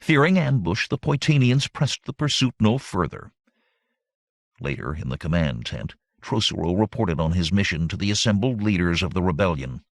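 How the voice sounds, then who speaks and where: A man narrating an audiobook in a measured, expressive manner. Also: low voice, no room sound, clean studio sound. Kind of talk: scripted narration.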